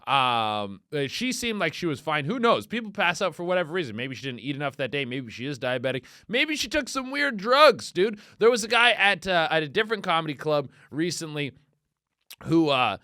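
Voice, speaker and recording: A male comedian spinning a casual storytelling monologue, his fairly high, bright voice leaping up and down as he goes. He swears freely, breaks into laughter mid-sentence and slips into the voices of the people he quotes. The sound is close and dry. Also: very animated, fairly quick, no room sound. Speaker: comedian and podcast host.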